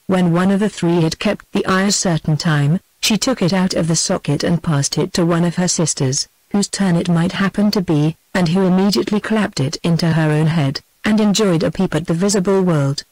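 A woman's voice: fairly low pitch, normal speed, hardly any pauses, no echo, rough recording. Synthetic British woman narrating a storybook. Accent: British English. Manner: even, synthetic reading cadence. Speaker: audiobook narrator. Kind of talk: text-to-speech audiobook narration.

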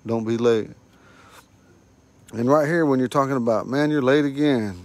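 A man teaching a casual online language lesson, recorded on a phone at home, saying each word slowly and repeating it for learners. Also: mid-range voice, a little mellow, no echo. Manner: slow, repeats words for learners.

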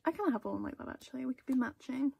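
A woman's voice: high voice, lively intonation, rapid-fire, vocal fry, dark tone, breathy edge. A young woman chatting casually through an album unboxing, gushing, with small gasps between items.

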